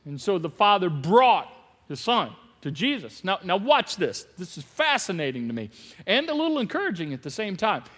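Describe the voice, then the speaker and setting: A man preaching a sermon as pastor, animated, acting out bits of dialogue with laughs. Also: high-pitched, normal speed, big-room sound. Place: large church hall.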